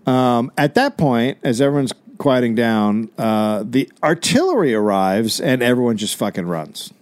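A man, a comedian and podcast host, telling a history story in a deadpan comic way. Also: medium pitch, a little slow.

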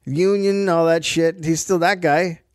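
A man's voice: on the high side, steady tone, unhurried, no echo, clean studio sound. A man co-hosting a comedic history podcast, reading from his research notes and adding wry asides in casual chat. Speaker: podcast co-host presenting the story.

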